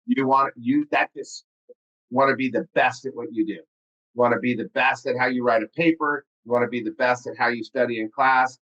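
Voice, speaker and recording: A man's voice: medium pitch, fairly even intonation, fairly quick, a bit bright. Emphatic male podcast host, dull sound. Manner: emphatic, repeats words when pressing a point. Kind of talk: casual interview talk.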